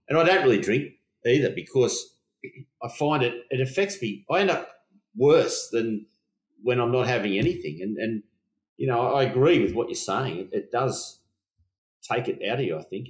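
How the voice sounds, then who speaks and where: A man hosting a podcast, chatting casually, agreeing with his guest and asking relaxed open questions. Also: medium pitch, moderate pace. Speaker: podcast host. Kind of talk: casual interview chat. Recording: roomy echo.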